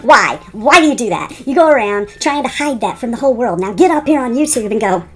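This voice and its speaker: A woman's voice: fairly high pitch, animated, fairly quick, a bit bright, slightly rough, soft background music. A middle-aged woman beauty vlogger clowning around in outtakes, giggly and self-mocking. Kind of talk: goofy outtakes chat.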